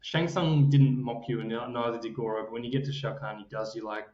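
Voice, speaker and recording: Man, Australian accent, podcast co-host, animated storytelling, echoey room, muffled audio. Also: mid-range voice, brisk. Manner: animated storytelling, acts out quotes, laughs often. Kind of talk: casual chat. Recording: roomy, slightly dull podcast audio.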